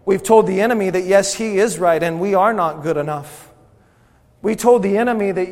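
Impassioned high-voiced preacher in reverberant hall. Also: male voice, moderate pace, darkish tone. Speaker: pastor. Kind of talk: sermon. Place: church sanctuary before a congregation.

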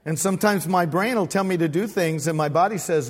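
Older man, sixties, higher voice, folksy joking pastor preaching in a reverberant hall. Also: brisk. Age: 60s. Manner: folksy, humorous storytelling with call-and-response. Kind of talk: sermon. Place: church sanctuary.

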